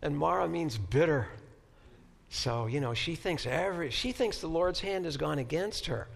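A man professor giving a Bible lecture to a class, halting and repeating words as he searches for phrasing and asking rhetorical questions. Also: on the high side, lively intonation, vocal fry.

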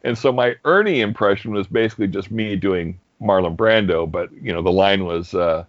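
A young man casually telling a story, animated and laughing often. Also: sits low, normal speed, hardly any pauses, no room sound, highs cut off. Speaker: guest storyteller. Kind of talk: casual anecdote.

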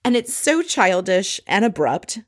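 A woman's voice: medium pitch, big pitch swings, a little slow. A woman giving a casual, sarcastic recap of a reality TV episode in a chatty commentary style.

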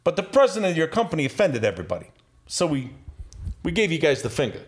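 A man as a podcast guest, telling a story in an animated, profane way and laughing as he goes. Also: on the high side, fast talker. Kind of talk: casual storytelling.

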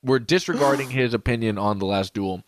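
A man's voice: mid-range voice, brisk, no echo. Tipsy man rambling on a podcast. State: hiccuping, drunk. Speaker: podcast co-host. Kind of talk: casual chat.

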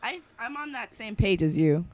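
A podcast co-host in casual group chat, loud and playful with jokey outbursts. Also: medium pitch, very animated, moderate pace.

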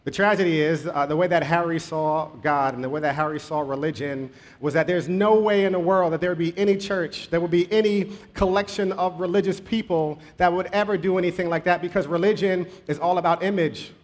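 A male preacher tells a story in his sermon, in a conversational tone. His voice is a bit high for a man. He speeds up and slows down to shape the story. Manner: conversational, with shifting pace.

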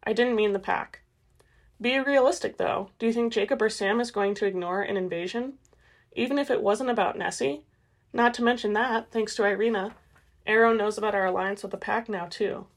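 A woman's voice: medium pitch, moderate pace, lightly acted. A woman reading as Emmett, a brash vampire man. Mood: confident. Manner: blunt, upbeat. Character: brash, confident male vampire, relishes a fight.

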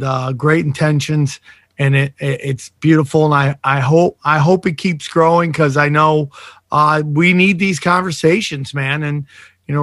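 A man's voice: fairly high pitch, a bit bright, no echo, studio quality. A man co-hosting a podcast, speaking earnestly and appreciatively to his co-hosts. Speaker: podcast co-host. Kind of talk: casual podcast sign-off.

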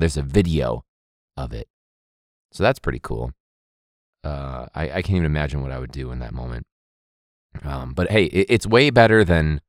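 A man's voice: rumbling low, no echo, studio quality. A man hosting a podcast as a teacher, rambling and joking with plenty of swearing in a casual outro.

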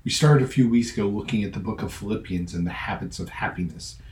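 A man with a lowish, mellow voice preaches a relaxed, conversational sermon. He tells stories and repeats key phrases for emphasis. The sound carries a roomy echo. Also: fast. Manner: storytelling, earnest teaching with emphatic repetition. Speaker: pastor and podcast host.

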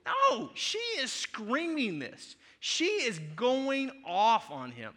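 A man's voice: very high voice, huge pitch swings, slow pace, hardly any pauses, pushed and bright, long reverb tail. A male pastor preaching a sermon in an emphatic, conversational way, with playful asides.

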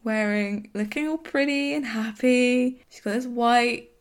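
Young woman, podcast co-host, casual recap chat, excitable. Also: fairly high pitch, a little slow, clear, resonant tone. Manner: chatty, excitable, acts out character quotes.

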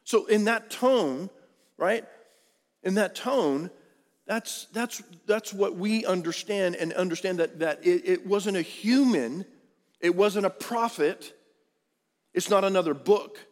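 A male pastor preaching a sermon emphatically, swinging from loud peaks down to hushed low lines. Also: takes it slowly. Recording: long hall reverb.

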